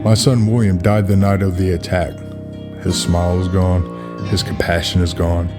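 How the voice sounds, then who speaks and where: A man's voice: low-pitched, level tone, normal speed, lightly acted. A man voicing a grieving dignified queen. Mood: solemn. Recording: clear music behind the voice.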